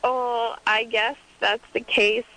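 A woman's voice: a little high, level tone, takes it slowly, sharp tone. A nineteen-year-old woman calling in to a radio show, speaking hesitantly over a phone line. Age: teens. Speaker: caller. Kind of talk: phone-in call.

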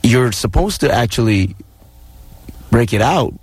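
A young man with a Jamaican accent, a guest musician chatting on a radio show, relaxed and laughing often. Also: mid-range voice, measured pace, husky, no echo. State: hard of hearing. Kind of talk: casual radio interview.

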